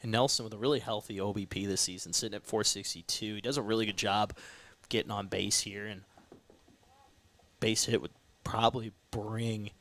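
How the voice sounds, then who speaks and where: A man's voice: on the low side, steady tone, moderate pace, gravelly, fairly bright tone. A young man from South Dakota giving laid-back, teasing baseball color commentary and laughing easily.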